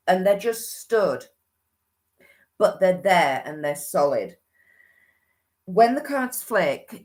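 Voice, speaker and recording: Slow-talking woman reading cards. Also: sits low, a bit bright. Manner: chatty, restarts often, muses aloud. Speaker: livestream host and oracle card reader. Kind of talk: chatty live oracle card reading.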